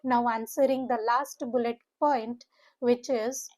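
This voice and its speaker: A woman's voice: on the high side, steady tone, unhurried, a little mellow. A woman, an English teacher giving an exam-prep lesson, explaining word by word and slipping Hindi phrases into her English.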